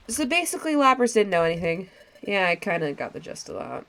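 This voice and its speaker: A young woman casually commenting on a game with sarcastic jokes and loud exclamations. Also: medium pitch, sing-song, fairly quick. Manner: sarcastic, giggly, exclaims loudly. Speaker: let's play host.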